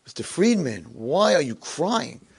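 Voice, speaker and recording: A good-natured old man coaxes his grumpy roommate, voiced by a male storyteller, sounding lively and persuasive. His voice sits a little higher than usual and swings widely in pitch. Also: a little slow, breathy edge, heavily acted. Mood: concerned. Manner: lively, coaxing. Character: kind cheerful wealthy old man.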